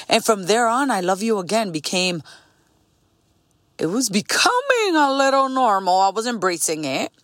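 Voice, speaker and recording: A woman in her late thirties hosting a podcast. She tells a personal story in an energetic, heartfelt, reflective way, slowing down and pausing on key words. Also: fairly low pitch, no room sound, clean studio sound. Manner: pauses and slows on key words. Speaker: podcast host.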